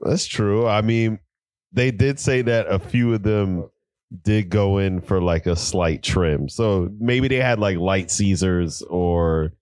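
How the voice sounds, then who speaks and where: A man's voice: deep voice, darkish tone, no echo. A man co-hosting a casual podcast who reads out stories and laughs easily. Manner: unhurried, laughs a lot. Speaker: podcast co-host. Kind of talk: casual chat, reading out news stories.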